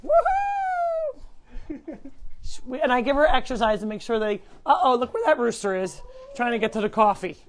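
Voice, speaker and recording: Chatty middle-aged lady hosting a live stream at home, keeps baby-talking the animals, kinda high voice. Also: quick pace, a little hiss or hum. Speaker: animal sanctuary host. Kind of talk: casual live-stream chat.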